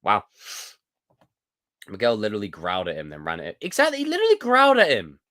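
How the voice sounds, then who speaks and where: Animated young British man streaming. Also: fairly low pitch, fast talker. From United Kingdom. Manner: animated, jokey, reads viewer comments aloud. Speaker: livestream host. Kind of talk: casual live-stream chat.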